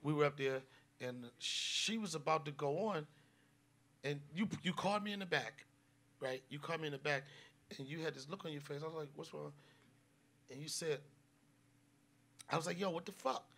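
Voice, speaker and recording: A man hosting a live comedy podcast, telling stories loudly and with swearing, and dropping his voice low for serious moments. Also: moderate pace, gravelly, pauses often. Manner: loud, profane storytelling, drops low for serious moments. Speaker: podcast host.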